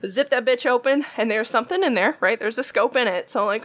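A woman, a retail worker telling a long story in casual chat, animated and swearing freely as she acts out what people said. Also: fairly high pitch, fast talker, hardly any pauses.

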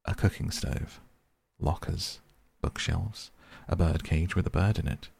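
A man reading a classic children's book aloud softly and calmly, as a bedtime audiobook. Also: deep voice, gravelly, husky. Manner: soft, slow, calm reading. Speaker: podcast host and reader.

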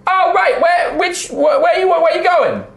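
A man voicing a small, cheeky male halfling factory worker who shouts and repeats himself over the din. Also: extremely high pitch, expressive, moderate pace, creaky, reverberant, pitched above the performer's own voice, full character voice. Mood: shouty.

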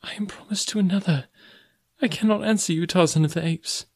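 A man voicing an earnest, gentle young woman in a storybook reading, speaking softly and breathlessly. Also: lowish voice, very animated, normal speed, no echo, studio quality, pitched above the performer's own voice. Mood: tender, wondering.

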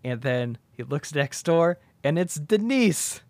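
A man in his thirties tells a movie idea in relaxed, animated chat and keeps slipping into quick voices for the characters. His voice sits a little high. The sound is dry and close to the mic. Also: no room sound. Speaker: podcast co-host pitching a movie idea. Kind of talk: casual chat, acting out scenes.

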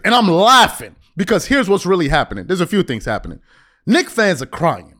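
Animated high-voiced New sports talker. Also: male voice. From New York. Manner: animated, slangy, quick restarts. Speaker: sports commentator. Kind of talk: casual sports commentary.

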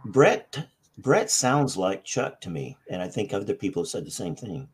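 A man's voice: fairly low pitch, big pitch swings, normal speed, husky, low-quality recording. A man chatting as a guest on a live stream, talking in a rambling way and breaking off mid-sentence. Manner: rambling, self-interrupting. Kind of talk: casual live stream chat.

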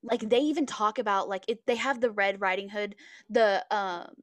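A woman's voice: medium pitch, moderate pace, dry recording. A woman co-hosting a podcast, casually retelling things in a rambling way with lots of fillers and restarts. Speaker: podcast co-host. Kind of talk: casual book chat.

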